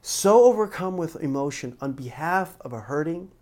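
A man's voice: on the high side, lively intonation, normal speed, darkish tone. A middle-aged man, a pastor preaching a sermon, telling personal stories in an earnest, emotional way with frequent restarts.

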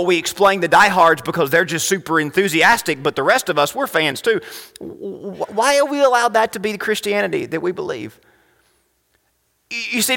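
High bright-voiced male pastor preaching. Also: long reverb tail. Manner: animated, rhetorical questions, wide swings between loud and hushed. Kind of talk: sermon.

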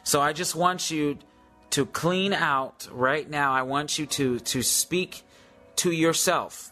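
A man's voice: fairly high pitch, slow pace, sharp tone, faint music behind. A man preaching in a live-stream devotional, repeating declarations for listeners to say after him.

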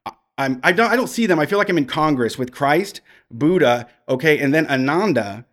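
A man's voice: on the high side, animated, brisk. A man telling long personal stories on a podcast, frank and profane, rambling with restarts. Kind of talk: casual storytelling.

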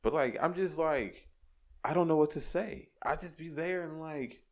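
A young man, a podcast guest, talking in an animated, rambling way with many restarts. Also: fairly high pitch, normal speed. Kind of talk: casual chat.

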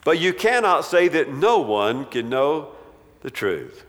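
A man's voice: a little high, very animated, fairly bright tone. Emphatic preaching man in an echoing hall. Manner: emphatic, dramatic pauses, drops voice at phrase ends. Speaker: pastor. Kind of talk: sermon. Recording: long reverb in a large hall.

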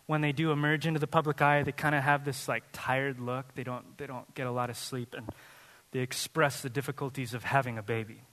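A man's voice: mid-range voice, fairly even intonation, fairly quick, fairly bright tone. A male pastor giving a sermon in a conversational, joking way, laughing often. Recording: reverberant hall.

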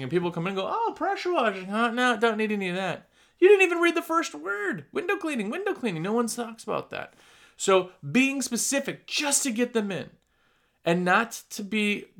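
A man's voice: high-pitched, fairly bright tone. A man with a Midwestern accent, giving plain-spoken, emphatic business advice in a casual coaching talk. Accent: Midwestern American. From Wisconsin. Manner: emphatic, plain-spoken, acts out customer dialogue. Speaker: window cleaning business owner giving advice.

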